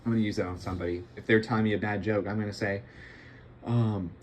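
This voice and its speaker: A man's voice: fairly low pitch, steady tone, fast talker, slight background noise. Rambling young man gaming late at night. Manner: joking, self-deprecating, rambling. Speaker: gameplay streamer.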